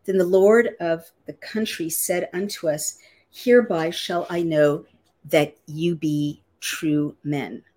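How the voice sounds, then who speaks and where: A woman with a low, husky voice reads old scripture aloud at an unhurried teaching pace. She keeps stopping to restate the archaic words in everyday language, the way a Bible teacher walks a class through a passage. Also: steady tone, a little mellow. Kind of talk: reading scripture aloud with plain-language glosses.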